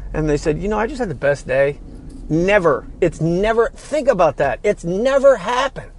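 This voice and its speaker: A man's voice: fairly high pitch, slight background noise. A man hosting a podcast, giving a blunt, fervent motivational talk full of swearing. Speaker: podcast host. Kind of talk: motivational monologue.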